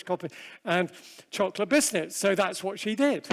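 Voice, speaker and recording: A man's voice: high voice, animated, moderate pace, in a large hall. A man giving a humorous, self-deprecating seminar talk, telling stories with frequent restarts and fillers. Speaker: seminar speaker. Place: large hall with long reverb.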